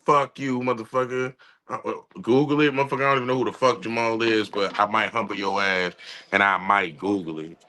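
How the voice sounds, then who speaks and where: A man chats casually on a live reaction stream, full of loose slang and constant cursing. His voice sits a bit low but comes out bright and forceful. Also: fairly even intonation, fast talker. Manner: profane, slangy, laid-back banter.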